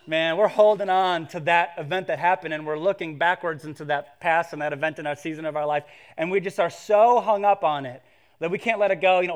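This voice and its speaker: A young adult man preaching a sermon to a congregation, telling stories in a conversational, humorous way that builds in excitement. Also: sits high, fast talker, clean tone. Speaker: pastor.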